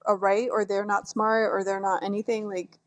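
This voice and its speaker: A woman's voice: mid-range voice, flat delivery, normal speed. A woman co-hosting a casual podcast chat about reality TV, opinionated and emphatic, laughing often. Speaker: podcast co-host.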